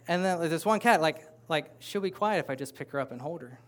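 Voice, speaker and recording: A man's voice: on the high side, fast talker, few pauses. A man preaching a sermon as pastor, talking conversationally with playful asides to the congregation. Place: church sanctuary with a congregation.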